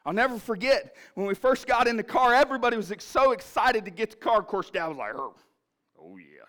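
Male pastor from Ohio, high bright voice, impassioned preaching with hushed story passages. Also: expressive, fast talker. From Ohio, USA. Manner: swings from shouted fervor to low storytelling. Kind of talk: sermon. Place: church sanctuary.

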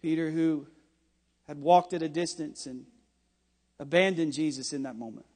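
A man preaching a sermon with passion, rising at times to shouting. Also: a little high, moderate pace, long reverb tail.

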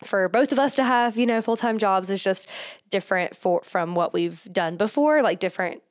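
A woman hosting a solo podcast, talking casually and a little out of breath, full of fillers and quick restarts. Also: medium pitch. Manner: chatty, many fillers and restarts. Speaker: podcast host.

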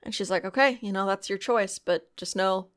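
A woman's voice: medium pitch, normal speed. A woman co-hosting a podcast, retelling TV episodes and acting out the characters' lines with swearing and laughter. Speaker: podcast co-host. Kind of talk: casual TV recap chat.

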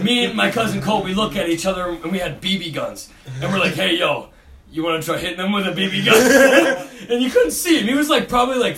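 High bright young man, crude laughing storyteller. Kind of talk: casual podcast chat. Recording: echoey room, distant mic, faint noise.

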